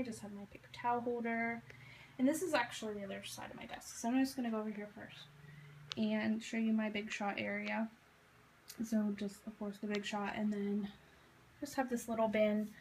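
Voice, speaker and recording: A craft vlogger in her thirties films herself giving a casual, chatty tour of her home craft room. Her medium-pitched voice carries lots of fillers and self-deprecating asides over a noisy background.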